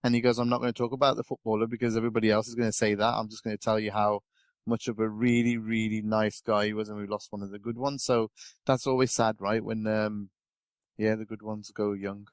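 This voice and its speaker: A man's voice: lowish voice, flat delivery, brisk, clean tone, no echo. A man chatting casually as a podcast pundit, rambling with lots of fillers and restarts. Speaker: guest pundit.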